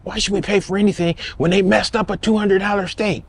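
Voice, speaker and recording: A man voicing a loud, demanding woman who argues with restaurant staff on a dinner date, in a comedic storytime. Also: high-pitched, fairly even intonation, vocal fry, a little hiss or hum, pitched above the performer's own voice. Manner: bossy, confrontational, rapid-fire.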